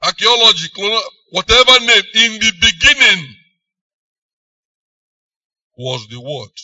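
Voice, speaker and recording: A man with a Nigerian accent preaching a sermon, emphatic, swinging between loud and soft phrases. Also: high-pitched, sing-song, takes it slowly, no echo, recorded from a distance.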